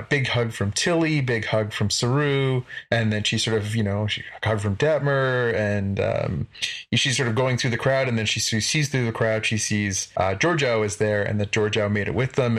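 A man's voice: fairly low pitch, a bit bright. A man hosting a podcast, casually retelling a TV episode in a rambling way, full of fillers. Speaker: podcast host recapping an episode. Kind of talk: casual chat.

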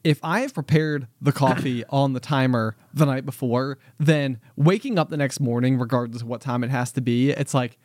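A man's voice: medium pitch, moderate pace, few pauses, a little mellow, no echo, studio quality. A man chatting casually, often agreeing and musing with fillers. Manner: agreeable listener with frequent affirmations. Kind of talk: casual chat.

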